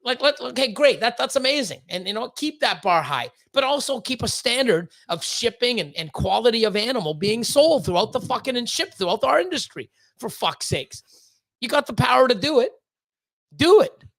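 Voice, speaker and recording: A man's voice: extremely high pitch, very animated, normal speed, vocal fry, fairly bright tone. Profane, ranting reptile-breeder man. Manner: profane, heated and blunt, stumbling over repeated words. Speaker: reptile breeder hosting a livestream. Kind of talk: ranting livestream chat.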